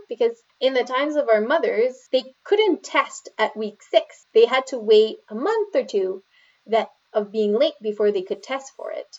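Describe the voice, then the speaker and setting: A fairly high-voiced woman, talking casually on a podcast. She tells stories with animation and acts out the people in them. The audio sounds slightly muffled and lo-fi. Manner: animated storyteller, acts out quotes. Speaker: podcast guest. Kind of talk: casual conversation.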